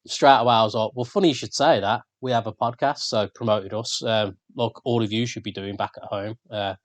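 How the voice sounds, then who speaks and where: Speaking a little fast in a fairly low, steady voice, this Birmingham-accented man co-hosts a podcast. The Englishman keeps the chat casual, relaxed and sweary.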